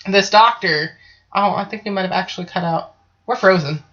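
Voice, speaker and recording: Casting: woman host, chatty swearing storyteller, average pitch, muffled call-quality audio. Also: moderate pace, fairly bright tone. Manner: swearing, chatty, often asking 'right?'. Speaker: podcast host. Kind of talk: casual storytelling. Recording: dull lo-fi online call audio.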